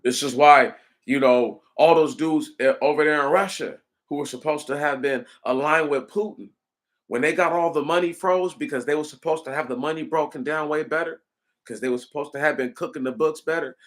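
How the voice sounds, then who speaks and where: Animated, profane man ranting casually. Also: fairly high pitch, brisk. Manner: animated, profane, rambling, addresses listeners as y'all. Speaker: commentator. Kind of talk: casual monologue.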